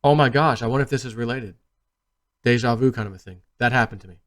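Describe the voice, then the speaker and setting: A man hosting his own video channel, telling a personal story in a rambling, animated way that often trails off quietly. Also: mid-range voice, fast talker. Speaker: video host. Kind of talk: casual storytelling monologue.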